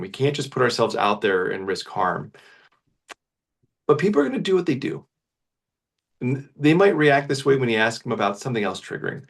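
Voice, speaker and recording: A man's voice: lowish voice, gravelly, recorded from a distance. A man who works as a family doctor, speaking earnestly and conversationally on a panel and telling stories from his practice. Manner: earnest, conversational, animated storytelling. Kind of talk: panel discussion.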